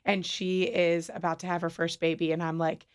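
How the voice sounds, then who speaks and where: A woman's voice: lowish voice, flat delivery, normal speed, clear, resonant tone. A woman guest on a radio show, chatting candidly and laughing at herself. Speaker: radio guest from a city mission. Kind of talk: casual radio chat. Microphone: studio microphone.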